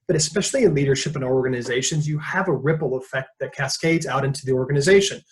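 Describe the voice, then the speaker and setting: A man presenting a leadership webinar, telling stories in a conversational way and acting out quotes. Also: medium pitch. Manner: conversational storytelling, jokes and acts out quotes.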